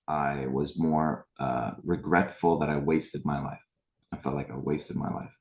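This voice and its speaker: A man's voice: rumbling low, fairly even intonation, a little slow, a little mellow. A man in his forties from the Middle East, hosting a spiritual retreat and casually sharing his life story with a live online group, greeting attendees by name.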